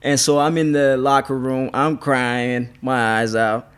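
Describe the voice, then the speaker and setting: A man's voice: medium pitch, level tone, unhurried, a bit bright, clear, resonant tone. A man, a fighter guest on a podcast, telling stories in a rambling, casual way with frequent restarts. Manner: rambling, restarts, laughs often. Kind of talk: casual storytelling interview.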